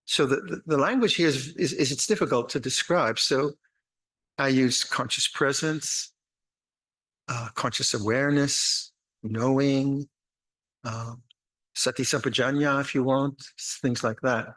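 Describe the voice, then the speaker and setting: Unhurried and reflective, an older monastic teacher with a mid-range voice delivers a dharma talk that includes meditation instructions. He restarts phrases often and slips in gentle humor, speaking in a retreat meditation hall.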